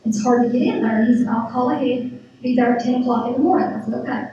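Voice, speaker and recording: A middle-aged woman giving a church testimony, retelling events with lively quoted dialogue. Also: fairly high pitch, fast talker, recorded from a distance, dull audio, slight background noise. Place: church sanctuary. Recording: very echoey church hall from afar.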